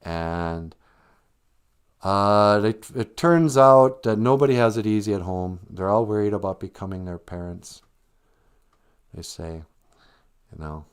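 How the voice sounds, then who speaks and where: A man's voice: lowish voice, measured pace, pauses often, smooth. Rambling man telling a story. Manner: rambling, joking, conversational. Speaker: livestream host. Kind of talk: casual storytelling.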